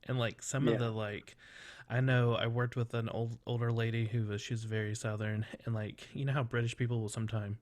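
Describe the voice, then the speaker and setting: A man's voice: medium pitch, flat delivery, fairly quick, no echo. A male host interviews over a video call, his talk rambling with fillers and broken by giggles. His voice sits in a mid range for a man. The audio is dry, with no room around it. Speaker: podcast host. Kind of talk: casual interview chat.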